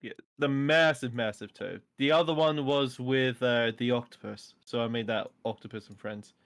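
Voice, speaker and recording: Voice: medium pitch, normal speed. A player chatting casually during a tabletop game session, playful and laughing often.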